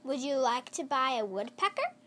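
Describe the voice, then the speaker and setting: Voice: high voice, very animated, moderate pace, bright, forceful tone, slight background noise, full character voice. A child reading a storybook aloud and voicing a pushy travelling pet seller in a near-plain voice.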